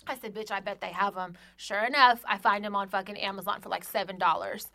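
A woman, co-hosting a casual podcast, telling animated stories with a lot of profane slang. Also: mid-range voice, brisk, vocal fry. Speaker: podcast co-host. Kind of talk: casual chat.

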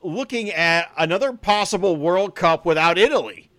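A man's voice: high voice, lively intonation, moderate pace, fairly bright tone, no echo. A man co-hosting a football podcast in casual chat, who restarts his sentences a lot, laughs often and teases his co-host. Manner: stammering restarts, laughs often, playful banter.

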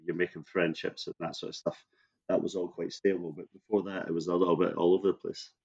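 Scottish man telling stories, low voice. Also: level tone, fast, creaky, darkish tone, breathy edge, muffled recording. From Scotland. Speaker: guest. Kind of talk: casual interview chat.

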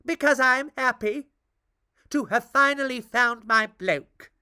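A woman's voice: sits high, slow pace, sharp tone, clear, resonant tone, no echo, studio quality, pitched above the performer's own voice, heavily acted. A woman voicing a scheming witch disguised as a prince, with a sly, gleeful manner.

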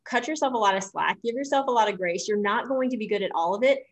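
A woman's voice: mid-range voice, fast talker. A middle-aged woman, a dental hygienist co-hosting a show, telling stories in a casual, encouraging way. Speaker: podcast co-host, dental hygienist. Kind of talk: casual chat.

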